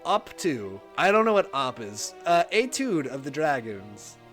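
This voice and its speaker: A man's voice: mid-range voice, big pitch swings, a little slow, a bit bright, faint music behind. A man streaming a game live, reading its text aloud and joking about it as he goes. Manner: jokey, reads game text aloud and riffs on it. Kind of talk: casual live-stream commentary.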